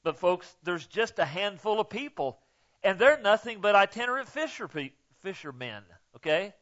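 A pastor preaches to his congregation in a folksy, emphatic style, often checking in with "okay?" and swinging between quiet asides and loud, stressed lines. His voice is high-pitched and sing-song at a normal speed, and the audio sounds dull.

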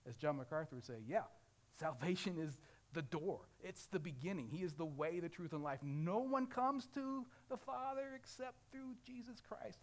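Pastor, male, Ozarks accent, fairly high voice, lively sermon delivery that swings from loud to quiet, lots of rhetorical questions. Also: moderate pace. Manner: dynamic preaching, swings from loud to hushed; asks rhetorical questions, acts out a crying baby.

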